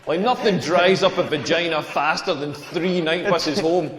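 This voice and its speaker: A man's voice: fairly high pitch, moderate pace, a bit bright, a little hiss or hum, lightly acted. An actor in his forties with a Scottish accent, playing a self-mocking stand-up comedian in a game and telling rambling anecdotes. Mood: wry. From Scotland. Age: 40s. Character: self-deprecating tall Scottish male comedian, around forty. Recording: echoey hall with long reverb.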